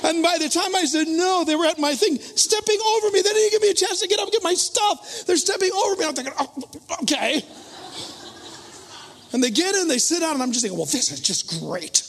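A man preaching a sermon as a story, self-mocking and animated, acting out his own thoughts in loud voices. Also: very high voice, brisk, big-room sound, a little hiss or hum.

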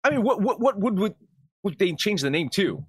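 A man co-hosting casual sports talk, his pitch swinging widely as he argues. He swears freely and circles back to restart his thoughts. The sound is dry and close. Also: fairly quick, breathy edge, dry recording. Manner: animated, profane, rambling with restarts. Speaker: sports podcast co-host.

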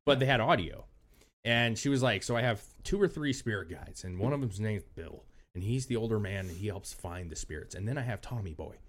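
A man's voice: fairly low pitch, a little fast. A man co-hosting a podcast, telling stories in casual, profane chat and acting out the voices of people he quotes. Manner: animated storytelling, profane, acts out quoted voices. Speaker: podcast co-host.

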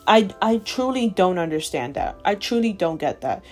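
A woman's voice: mid-range voice, sing-song, moderate pace, faint music behind. A woman with a Southern American accent hosting a solo podcast, ranting emphatically and repeating herself for emphasis. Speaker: podcast host.

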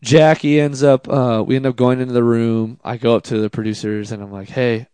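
A man, a drift driver, telling a casual story in an interview, animated and self-deprecating, with many fillers. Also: mid-range voice, brisk, clear, resonant tone, no room sound.

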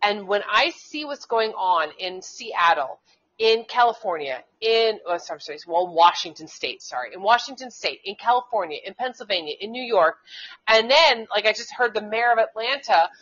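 A woman's voice: mid-range voice, animated, normal speed, fairly bright tone. A woman co-hosting a casual political talk show, speaking heatedly and in a rambling way, with many restarts and curses. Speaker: co-host; schoolteacher. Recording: dull lo-fi internet radio sound.

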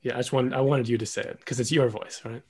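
A man interviewing a former mentor in a relaxed, self-deprecating way, with many fillers like "like" and "um". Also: medium pitch, fast, breathy edge. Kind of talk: casual conversational interview.

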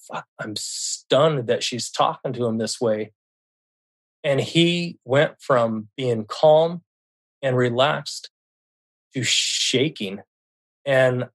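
A middle-aged man from the United States tells a personal story as a podcast guest, with a medium-pitched voice. He talks candidly and stumbles over his words. He repeats phrases as he relives the events. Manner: candid, recounting dialogue, swears freely, many restarts.

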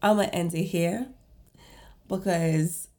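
A woman's voice: fairly low pitch, slow pace. A woman hosting her own show, telling a personal story in a casual, chatty way with lots of fillers. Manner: chatty, many fillers, animated retelling; self-described emotional and empathetic. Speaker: podcast host.

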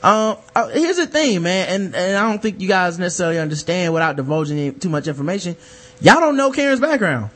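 A man's voice: high voice, quick pace. A man co-hosting a podcast in casual, profane chat, reading listener mail and acting out the people he quotes. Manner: profane, animated, acts out quoted voices. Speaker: podcast co-host.

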